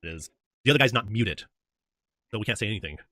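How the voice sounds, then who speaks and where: A man talking fast and swinging his pitch up and down, mocking and swearing freely. His voice is bright and sharp. The sound is dry and close. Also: no room sound. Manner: animated, profane, mocking. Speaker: debate guest. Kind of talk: casual chat.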